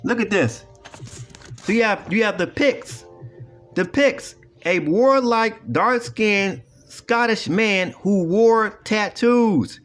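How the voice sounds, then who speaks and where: Man, high voice, emphatic profane rant, repetitive lecturing, soft music underneath. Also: expressive, slow pace. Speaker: online commentator. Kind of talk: ranting video commentary.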